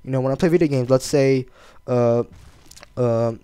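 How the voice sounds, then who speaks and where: A young man rambling casually to camera with lots of fillers and restarts, trailing off softly on his asides. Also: mid-range voice, normal speed, smooth, dry recording. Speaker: video blogger.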